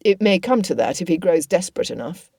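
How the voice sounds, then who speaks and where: A woman reading a rough-toned army officer cousin. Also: fairly low pitch, sing-song, a little fast, warm tone, dry recording, studio quality, heavily acted. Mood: earnest. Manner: rough, earnest, teasing. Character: wry protective cousin, a young army officer.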